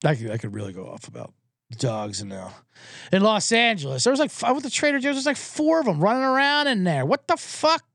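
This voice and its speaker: High-pitched and gravelly, this fast-talking man hosts a sports show, rambling through a casual monologue full of profanity and animated impressions. The studio-quality recording has no echo.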